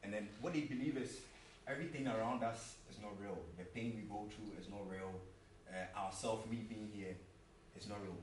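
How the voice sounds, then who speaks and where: A man's voice: lowish voice, steady tone, normal speed. A man preaching a sermon in an earnest way, repeating himself and asking rhetorical questions, recorded in a church hall from a distance. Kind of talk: sermon with a told joke. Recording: roomy echo, mic far off, faint hum.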